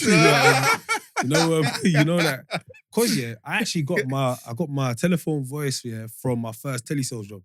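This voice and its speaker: A man's voice: medium pitch, lively intonation, a little fast, noisy background. A man co-hosting a casual podcast, chatty and always checking that he is understood. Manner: chatty, keeps asking "do you get what I'm trying to say". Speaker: podcast co-host.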